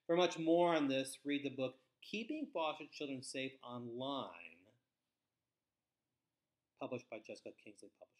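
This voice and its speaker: Speaking to foster care staff in a scripted training webinar, a middle-aged man uses a mid-range voice. His delivery is deliberate and emphatic, with each sentence dropping at its close.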